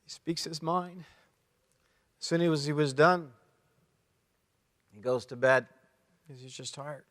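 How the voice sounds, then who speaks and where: A man's voice: a little high, a bit bright. Canadian man telling a story in a hall. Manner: emotional storytelling, pauses and restarts. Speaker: conference speaker. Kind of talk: personal testimony talk. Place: large conference hall. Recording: long hall reverb.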